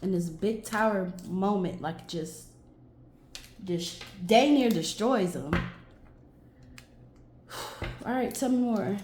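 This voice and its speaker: Female tarot reader, slow thoughtful delivery, casual musing aloud, roomy echo. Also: medium pitch, a little mellow, a little hiss or hum. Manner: musing, talks to herself and viewers, stretches words. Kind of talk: casual tarot reading monologue.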